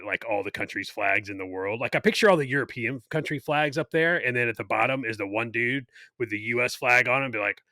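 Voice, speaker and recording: Podcast guy, bright tense voice, dry close sound, lots of ums. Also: on the low side, no echo. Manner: rambling, many fillers. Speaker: podcast co-host. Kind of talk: casual podcast chat.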